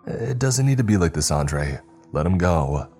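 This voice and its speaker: A man's voice: a bass voice, normal speed, darkish tone, soft background music. A man voicing a stern cop. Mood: pleading. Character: determined male police detective, a father.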